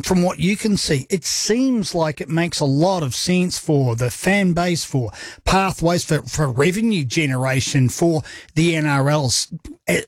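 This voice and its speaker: A man's voice: fairly high pitch, dry recording, clean studio sound. A man with a New Zealand accent hosting a talkback sports radio show, chatty and jokey in an upbeat way. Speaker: radio sports talk host. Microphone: studio microphone.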